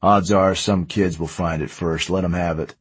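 A man voicing a calm, decisive male operative who gives terse, clipped orders. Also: low-pitched, moderate pace, slightly rough, no room sound. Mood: curt.

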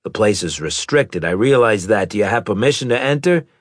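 A man's voice: lowish voice, animated, a little fast, no echo, studio quality. A man voicing a weary, dutiful male sergeant who speaks tiredly and deferentially.

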